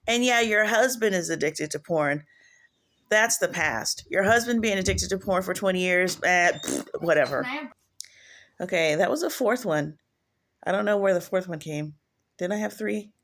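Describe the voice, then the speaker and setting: A woman's voice: on the low side, lively intonation, normal speed, fairly bright tone. A woman preaching casually in a home video, rambling and digressive, often restarting her sentences. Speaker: online prophetess.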